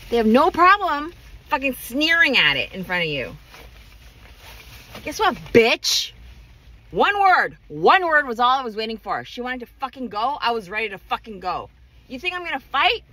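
A woman's voice: fairly high pitch, pushed and bright. A woman ranting furiously to camera, swearing a lot and hammering her points home. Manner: furious, profane, emphatic. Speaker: vlogger. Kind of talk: angry rant to camera.

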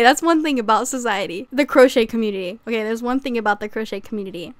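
A woman's voice: on the high side, fast, no room sound. A young woman vlogging casually to camera about crochet patterns, chatty and prone to fits of laughter. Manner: giggly, bursts into laughter, says okay often.

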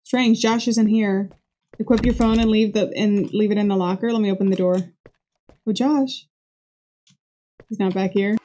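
A woman's voice: medium pitch, fairly even intonation, moderate pace, long pauses, warm tone, a little hiss or hum. A young woman giving jumpy, joking commentary as she plays a horror game and reads its dialogue aloud. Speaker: gaming video creator. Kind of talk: let's play commentary.

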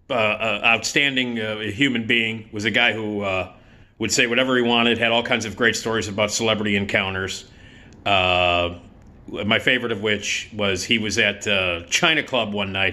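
A man's voice: lowish voice, steady tone, normal speed, bright, forceful tone. A man in his fifties hosting a casual storytelling vlog, rambling and profane with plenty of filler words. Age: 50s. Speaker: YouTube host.

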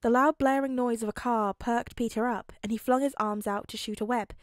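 A woman narrates a fan fiction audiobook in a clear, steady storytelling voice. Her pitch sits a little high, and the recording is dry and close. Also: fairly quick, dry recording. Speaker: podfic reader.

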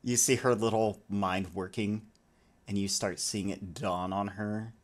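A man's voice: on the low side, fairly even intonation, a little slow. A man as game master, narrating a tabletop game in a rambling, casual way with many fillers and some swearing.

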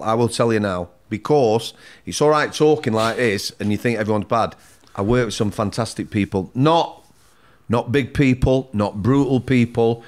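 Insistent man. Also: mid-range voice. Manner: insistent, repeats words to take the floor. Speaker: guest, former prison officer. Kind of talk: podcast conversation.

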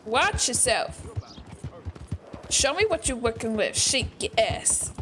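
A woman's voice: a little high, big pitch swings, fairly bright tone, slight background noise. A young Scottish woman from Fife chatting playfully with her viewers while streaming a game. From Scotland. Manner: playful, chatty, quick asides to chat. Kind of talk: casual gameplay chat.

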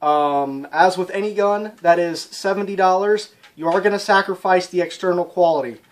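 A man's voice: high voice, moderate pace. A man casually reviewing an airsoft rifle for his channel, talking plainly with lots of ums and sounding a little out of breath. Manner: chatty, frequent ums, plainspoken. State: slightly out of breath.

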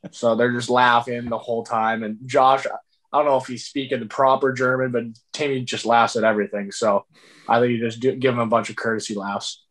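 Young male athlete guest, average pitch, easygoing storyteller who laughs a lot. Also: flat delivery, brisk, fairly bright tone. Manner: laid-back, laughs while telling stories. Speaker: guest hockey player. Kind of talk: casual interview chat.

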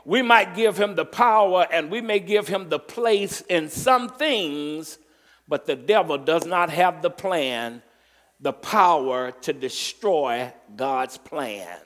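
A male pastor delivers a sermon at an unhurried pace, leaning hard on key words and drawing them out. His voice sits a little high for a man, and a long reverb from the church sanctuary trails behind it. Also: lively intonation, fairly bright tone. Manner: emphatic preaching, drawn-out stressed words, call and response. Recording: long reverb from a large hall.

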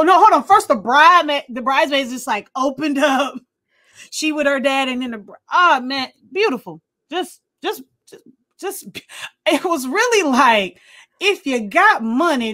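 High-voiced woman, excitable and laughing. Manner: excitable, laughs often, swears casually. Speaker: podcast co-host. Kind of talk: casual movie review chat.

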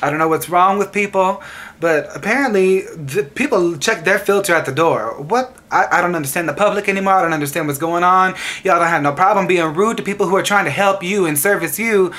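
A woman's voice: fairly low pitch, fairly quick, fairly bright tone. A woman hairstylist telling sassy, exasperated stories to camera about rude salon clients, laughing as she goes. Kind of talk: venting storytime to camera.

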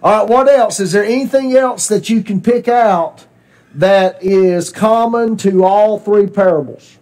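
A man's voice: high voice, a little slow, a little mellow. A man teaching a Bible class in a church classroom, asking questions and repeating his students' answers.

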